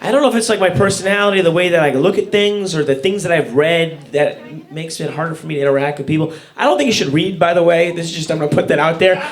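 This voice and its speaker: On a comedy stage, a man with a fairly high voice rattles through his stand-up set fast, barely pausing. His rant is sarcastic, incredulous and profane, and the live room answers with loud laughter.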